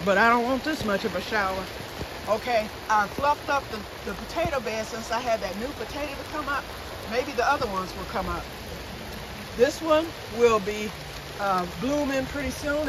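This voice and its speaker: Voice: mid-range voice, background noise. A vlogger in their fifties, chatting casually to camera outdoors in a wooded yard and jumping between topics. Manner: rambling, jumps between topics.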